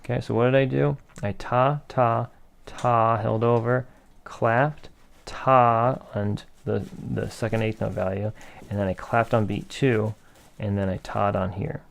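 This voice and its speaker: A man's voice: lowish voice, steady tone, unhurried, vocal fry. A man teaching a rhythm lesson in a patient, methodical way, asking questions and then answering them himself. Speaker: music teacher.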